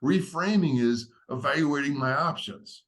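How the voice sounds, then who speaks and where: With a mid-range, fairly bright voice and a measured pace, a man who writes about leadership walks a podcast audience through a step-by-step framework. His conversational explanation is earnest, teacherly and structured.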